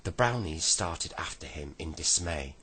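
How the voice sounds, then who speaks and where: A man reading a bedtime story aloud gently, now and then correcting himself. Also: rumbling low, animated, measured pace, slightly rough, poor audio.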